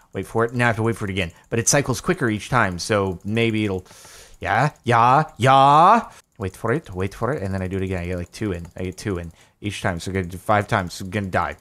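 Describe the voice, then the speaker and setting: A young man commentating his own gameplay, excitable, talking to himself and to the game, his voice jumping up when he gets frustrated. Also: fairly low pitch. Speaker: gaming YouTuber. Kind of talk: live Minecraft gameplay commentary.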